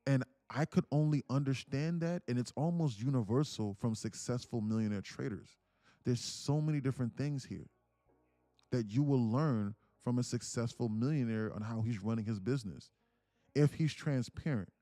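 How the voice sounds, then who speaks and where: A man's voice: medium pitch, normal speed, mellow, no echo. Rambling man telling a story. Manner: rambling, profane, full of restarts. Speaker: livestream host. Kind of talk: casual storytelling.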